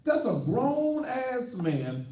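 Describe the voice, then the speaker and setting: A man's voice: very high voice, very animated, extremely slow, warm tone, distant mic. A man who is a pastor hosting a call-in talk show, ranting in a brash, boastful and mocking way. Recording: echoey room, voice from off the mic.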